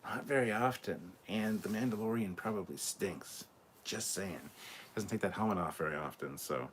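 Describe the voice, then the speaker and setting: A Scottish man with a notably deep, low-pitched voice hosts a relaxed live stream. He reads viewer comments aloud and answers them in a loose, chatty way, swearing freely as he goes. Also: moderate pace, a little hiss or hum. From Scotland.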